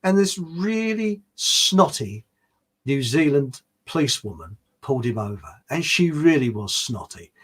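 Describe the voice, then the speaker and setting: A man's voice: mid-range voice, sing-song, a little slow, a bit bright, breathy edge. A man hosting a live stream, chatting casually and rambling as he answers viewers, chuckling often.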